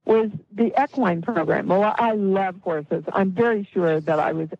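A middle-aged or older woman, a guest healer, telling a story in an interview with animated delivery and acted-out quotes. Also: medium pitch, measured pace, no room sound, lo-fi sound.

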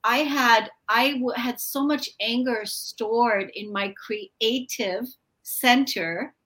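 Passionate bright-voiced woman guest. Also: on the high side, slow pace. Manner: emphatic, passionate, occasional swearing. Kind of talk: casual spiritual wellness chat.

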